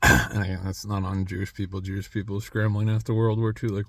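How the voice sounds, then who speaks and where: A man's voice: lowish voice, little pitch movement, fairly quick, fairly bright tone, no room sound. A man in his thirties talking in a rambling monologue, restarting his sentences and coughing between phrases. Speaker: vlogger.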